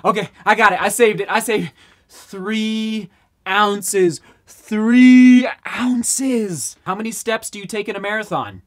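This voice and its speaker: A man excitedly talking in a casual running vlog, exclaiming and repeating phrases for emphasis. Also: high-pitched, quick pace, hardly any pauses. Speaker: running vlogger.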